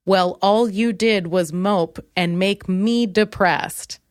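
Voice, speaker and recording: Young woman, comedy podcast host, sarcastic storytelling, dry close sound, mid pitch. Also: takes it slowly, smooth, dry recording. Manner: sarcastic, animated, quotes others in mocking voices.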